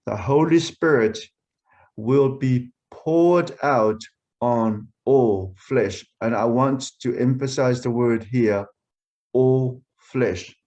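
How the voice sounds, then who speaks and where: Slow, deliberate man preaching a sermon. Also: mid-range voice, a little mellow, lo-fi sound. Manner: deliberate, emphatic repetition of key phrases. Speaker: pastor. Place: church.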